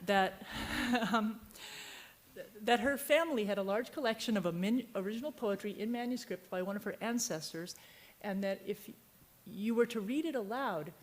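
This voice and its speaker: A woman's voice: mid-range voice, normal speed. A woman novelist from Virginia on a book fair panel, telling a long, digressive anecdote and trailing off mid-sentence. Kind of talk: panel discussion, rambling anecdote.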